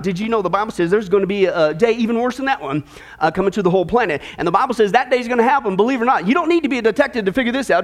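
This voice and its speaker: A jovial preacher, a man with a very high voice, moves from a long joke into his sermon. He talks animatedly, restarting often with little fillers. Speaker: pastor.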